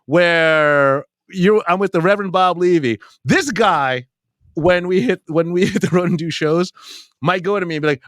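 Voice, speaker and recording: A man's voice: high-pitched, moderate pace, dry recording, clean studio sound. A man, a comedian and podcast host, in casual banter, swearing often and laughing through his stories. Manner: swearing, laughing, animated storytelling.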